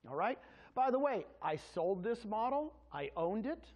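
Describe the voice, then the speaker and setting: A man's voice: high voice, big pitch swings, a little slow. A middle-aged man giving a sales presentation to an audience, telling his story in a folksy way and speaking directly to the crowd. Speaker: real estate presenter. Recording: dull lo-fi sound.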